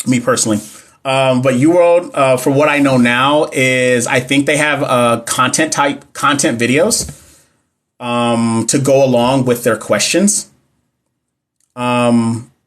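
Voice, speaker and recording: A young man hosting a casual livestream, reading exam questions and answering chat in a playful, slangy way. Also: medium pitch. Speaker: livestream host teaching nursing exam questions. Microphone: phone or computer mic on a live stream.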